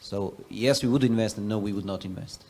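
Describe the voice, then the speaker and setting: A man on a conference panel, an investor and professor, answering a question in a measured, explanatory way. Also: on the low side, noisy background.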